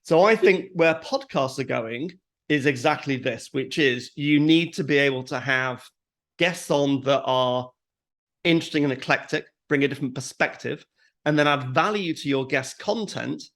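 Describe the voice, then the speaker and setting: A man's voice: medium pitch, normal speed. A middle-aged man co-hosting a podcast, chatting casually and acting out little quotes as he makes his points. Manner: animated storytelling with acted quotes. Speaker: podcast co-host.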